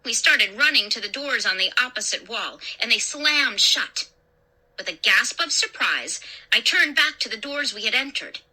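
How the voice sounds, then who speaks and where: Expressive woman narrating a scary story. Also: fairly high pitch, normal speed. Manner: dramatic, expressive. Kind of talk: scripted horror story narration.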